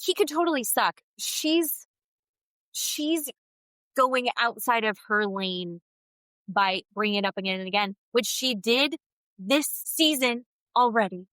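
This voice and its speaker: A woman's voice: fairly high pitch, dry recording, poor audio. A woman co-hosting a podcast, chatting casually and opinionated about reality TV. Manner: opinionated, fast, animated retellings. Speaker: podcast co-host. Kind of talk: casual chat recapping reality TV.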